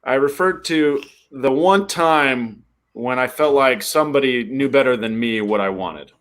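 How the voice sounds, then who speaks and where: A man's voice: medium pitch, a little slow, fairly bright tone. A man co-hosting a casual podcast, telling an easygoing story about an article he wrote. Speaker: podcast co-host and writer. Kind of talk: casual chat.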